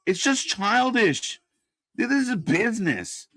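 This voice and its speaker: A man's voice: high-pitched, sing-song, takes it slowly, fairly bright tone, no echo. Man ranting profanely over live wrestling. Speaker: live watch-party commentator. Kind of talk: unscripted live commentary.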